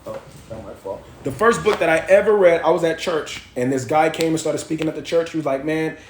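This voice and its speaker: A young man talks straight into his phone on a casual livestream, voice set a little high for a man. He tells his story with emphasis, repeating phrases and swearing freely. The sound bounces around an echoey room. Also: brisk, a little hiss or hum. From Miami. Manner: emphatic, repetitive, profane storytelling. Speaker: livestream host.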